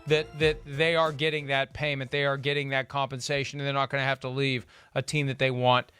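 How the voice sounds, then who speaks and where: A man's voice: medium pitch, level tone, a little fast, sharp tone, soft background music. A man hosting a sports talk show, explaining contract details in a casual, methodical way. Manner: detailed, explanatory, runs through contract numbers. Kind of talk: casual sports analysis chat.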